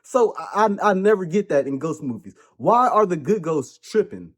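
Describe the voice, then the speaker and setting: A man delivers a comedic movie review in a husky, slightly raspy voice that sits a bit high for a man. His pitch leaps around constantly as he rambles, jokes and rants. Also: moderate pace. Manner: animated, rambling, joking and ranting.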